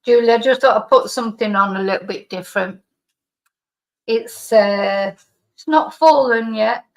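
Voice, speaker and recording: A woman's voice: fairly high pitch, moderate pace, vocal fry. Middle-aged woman chatting on a live stream, rambly, lots of restarts, bit of a cough. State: slight lingering cough. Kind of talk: casual chat reading out viewer comments.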